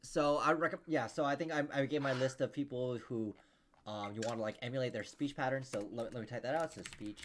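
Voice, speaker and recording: A man's voice: medium pitch, brisk, a little hiss or hum. A man coaching over a video call, rambling casually with many restarts and fillers. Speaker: interview coach.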